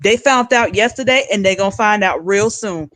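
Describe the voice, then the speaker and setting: A woman's voice: medium pitch, normal speed, a bit bright, no room sound, low-quality recording. A woman hosting a political commentary livestream, giving blunt, emphatic rants. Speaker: livestream host.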